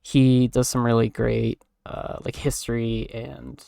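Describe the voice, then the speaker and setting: A man's voice: mid-range voice, flat delivery, a little slow, creaky, dark tone, dry recording, clean studio sound. A young man streamer chatting in a casual, rambling way, full of "like" and "um" fillers and offhand swearing.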